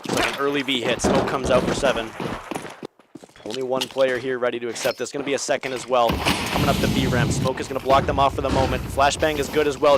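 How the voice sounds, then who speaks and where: A young man casting an esports match solo, with energetic play-by-play that climbs on big plays. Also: mid-range voice, fast, very noisy. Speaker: esports caster. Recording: game gunfire loud under voice. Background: game sound effects and gunfire.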